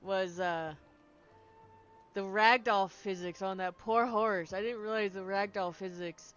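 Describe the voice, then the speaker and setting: A woman streaming a video game, chatting casually and excitably, laughing often and trailing off mid-sentence, with a sniffly nose. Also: medium pitch. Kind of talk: casual gameplay stream chat. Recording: slightly dull lo-fi sound with faint game music.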